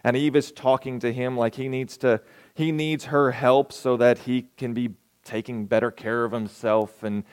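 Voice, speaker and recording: A man's voice: mid-range voice, fairly even intonation, moderate pace, clear, resonant tone. A male pastor preaching a sermon in a conversational, storytelling way, asking his listeners questions.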